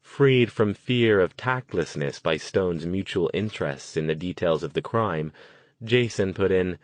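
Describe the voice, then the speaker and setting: A man narrating an audiobook with a steady, even delivery. His voice is very deep and recorded dry and close, with no room sound. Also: a little slow, no echo. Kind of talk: scripted narration.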